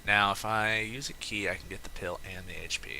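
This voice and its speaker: A young man with a deep, low voice that still comes across bright and edgy, chatting casually over a video game. He rambles and corrects himself as he tells a wry anecdote between plays, with a faint hum of background noise behind him. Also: brisk, rough recording. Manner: rambling, self-correcting, wry and animated when telling a story. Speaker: gameplay commentator. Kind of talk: casual gameplay commentary with storytelling.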